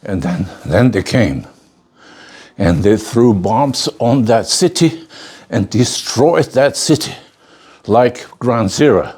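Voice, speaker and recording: A man's voice: medium pitch, lively intonation, slow, darkish tone, husky. An older man teaching a bonsai masterclass, telling a story with emphasis, often restarting his phrases and checking in with an "okay?". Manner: emphatic storyteller, many restarts and repeated words; checks in with the audience with a frequent "okay?". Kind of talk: spoken lecture to a class.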